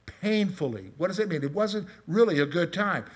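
A man's voice: high voice, brisk. A middle-aged man preaching a conversational sermon, asking his congregation questions and telling personal stories. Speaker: pastor.

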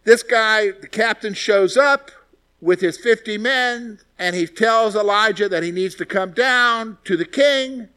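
A man teaching through a Bible passage in a conversational way, acting out the quoted lines with lively voice shifts. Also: high-pitched, a little slow, clean tone.

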